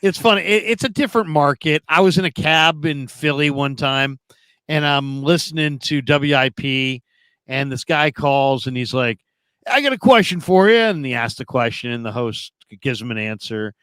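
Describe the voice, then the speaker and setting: A middle-aged man hosting a sports call-in show, telling lively stories with acted-out quotes. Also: medium pitch, moderate pace, clean tone, no room sound. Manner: animated storyteller, acts out quoted voices. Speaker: sports talk show host.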